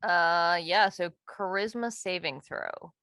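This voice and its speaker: A woman's voice: fairly low pitch, takes it slowly, heavy background noise. A woman playing a tabletop game who suggests plans in a practical way. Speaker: player. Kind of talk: casual tabletop play.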